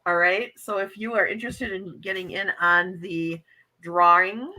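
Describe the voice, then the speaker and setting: A woman's voice: medium pitch, moderate pace, sharp tone. A woman from Wisconsin hosting a casual morning livestream chat and reading viewers' messages aloud. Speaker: livestream host.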